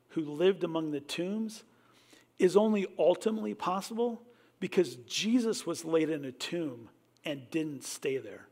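A middle-aged man with a notably high-pitched voice delivers a sermon. He preaches with emphatic swells, then falls to a hushed tone. He keeps calling his listeners back with a repeated "listen.". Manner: repeats "listen" to address the congregation. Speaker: pastor.

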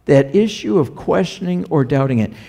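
Gravelly pastor preaching conversationally. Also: male voice, a little high, animated, normal speed, dark tone. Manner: conversational, asks the congregation rhetorical questions. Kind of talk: sermon.

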